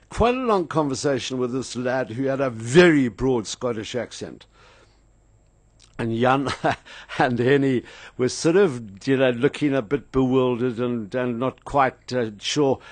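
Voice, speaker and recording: A man's voice: mid-range voice, darkish tone, no echo. Older South African male radio host, anecdotal and chatty, dry studio sound. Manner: rambling, anecdotal, frequent fillers. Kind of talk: casual radio chat and storytelling.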